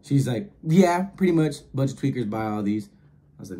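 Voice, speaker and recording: A man spinning a casual story in heavy slang, jumping between his own voice and quick put-on voices for others. His voice sits at an everyday pitch with a dark, mellow tone. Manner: slangy, animated, acts out quoted voices. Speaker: storyteller host.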